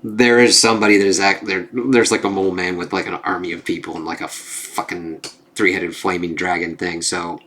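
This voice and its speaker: A man giving a casual spoken comic book review, animated and laughing often, swearing freely. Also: low-pitched, fairly quick, slight background noise.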